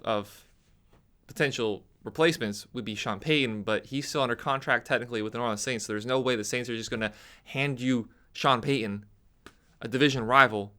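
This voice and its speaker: Animated, bright-voiced young man ranting. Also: mid-range voice. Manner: animated, ranting, voice leaps up when mocking others. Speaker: sports commentator. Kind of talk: opinionated sports talk monologue.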